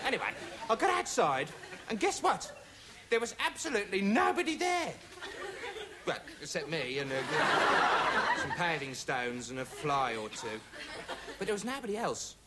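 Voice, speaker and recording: Kevin Turvey: dim, rambling young bloke, high lively voice, deadpan asides, loud audience laughter over a noisy broadcast. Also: male voice, unhurried, pauses often, a loud crowd, heavily acted. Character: dim rambling young male amateur investigator. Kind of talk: comic monologue to camera. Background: studio audience laughing.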